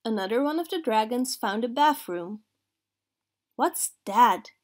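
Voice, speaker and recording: A woman reading a children's picture book aloud in a slow, clear, expressive way. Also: fairly high pitch. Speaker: storyteller.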